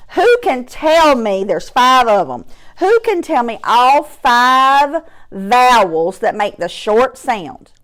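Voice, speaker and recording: A woman leads a phonics lesson for young children. She speaks slowly in a slightly high, sing-song voice. She models each sound with patient, exaggerated care. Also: fairly bright tone. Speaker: teacher.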